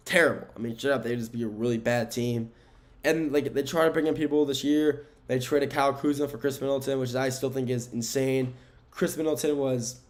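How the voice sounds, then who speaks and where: A young man talks sports on his podcast in a casual, meandering way. He gives strong opinions, trips over names and corrects himself. His voice sits at a middling pitch for a man, and he records at home. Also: darkish tone. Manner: rambling, opinionated, self-correcting. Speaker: podcast host. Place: home room with window blinds.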